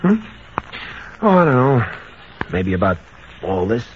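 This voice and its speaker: An actor playing a smooth-talking young male swindler with a breezy, slangy, evasive way of talking, in old-time radio acting on a dull old broadcast recording. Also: medium pitch, big pitch swings, unhurried, slight background noise. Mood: wary charm. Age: young adult.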